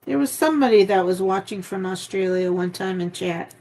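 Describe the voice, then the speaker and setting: A woman's voice: a little fast, a little mellow, low-quality recording. Chatty woman hosting a craft stream. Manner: chatty, breaks into high baby talk with her dog. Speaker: craft channel host. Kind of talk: casual live-stream chat. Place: home craft room.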